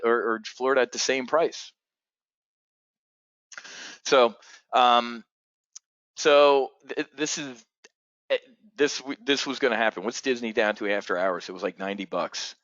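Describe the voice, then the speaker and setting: A man's voice: mid-range voice, fairly bright tone, no echo, muffled recording. A man hosting a trading show, talking in blunt, profane, agitated rants full of restarts. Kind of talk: unscripted market commentary.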